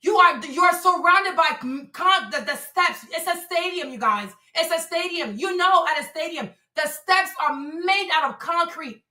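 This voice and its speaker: A woman's voice: extremely high pitch, moderate pace, few pauses, bright, forceful tone, roomy sound. A woman hosting a livestream, talking emphatically and repetitively, often stammering and restarting her words. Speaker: livestream host; mother. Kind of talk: heated livestream commentary.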